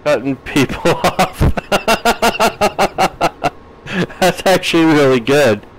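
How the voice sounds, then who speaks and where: A man's voice: fairly high pitch, lively intonation, drawn-out words, slight background noise, poor audio. A man casually chatting with his live-stream audience while playing a farming game, reading out and answering chat comments with frequent laughs. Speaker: gaming streamer.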